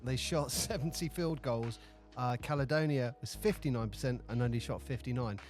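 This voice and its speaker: A man's voice: mid-range voice, moderate pace, faint music behind. A man co-hosting a podcast, telling stories with enthusiasm and acting out the lines he quotes. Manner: animated storytelling, acts out quoted lines. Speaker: podcast co-host. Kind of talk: casual chat.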